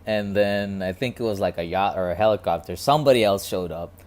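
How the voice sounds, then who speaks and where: Low-voiced man musing in a rambling way. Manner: rambling, halting, repeats words, quiet. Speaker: vlogger. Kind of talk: casual reflective monologue.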